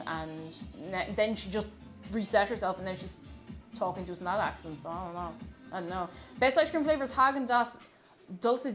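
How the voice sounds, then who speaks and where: A woman chatting casually while she bakes in her home kitchen during a livestream, gushing about food and reading viewer comments aloud. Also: medium pitch. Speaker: streamer.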